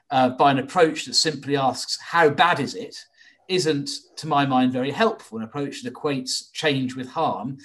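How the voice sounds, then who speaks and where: A man hosting a planning discussion, giving measured, opinionated commentary with frequent hesitant fillers. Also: mid-range voice, slightly rough. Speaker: host. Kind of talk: expert commentary.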